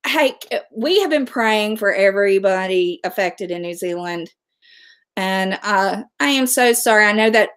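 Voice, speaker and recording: A woman's voice: mid-range voice, a bit bright. A middle-aged woman, hosting a casual livestream, chatting and answering viewer comments. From West Virginia, USA. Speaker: livestream host.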